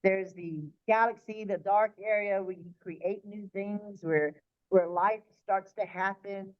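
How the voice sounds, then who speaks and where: An interview guest recalls a spiritual experience from childhood, her near-death story told with vivid animation at a quick pace, sometimes backing up to restart. She speaks in a mid-range voice on a recording whose highs are cut off.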